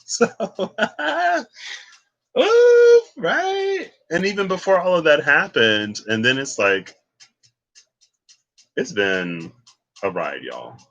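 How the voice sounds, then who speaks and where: A man's voice: lowish voice, sharp tone, poor audio. A man giving a casual, rambling tarot reading, thinking aloud with asides and bursts of laughter. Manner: laughs and exclaims between points. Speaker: tarot reader.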